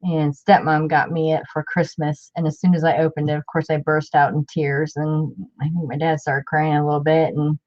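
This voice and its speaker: Middle-aged lady rambling thru a craft vlog, low voice, kinda dull lo-fi sound. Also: level tone, moderate pace, few pauses, a little mellow. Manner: chatty, rambling, many fillers. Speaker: crafting vlogger. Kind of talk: casual crafting chat.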